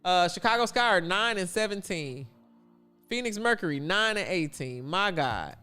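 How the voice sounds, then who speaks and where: A man hosting a casual sports talk livestream, chatty and blunt with animated asides. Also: sits high, normal speed, smooth, soft background music. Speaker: livestream host.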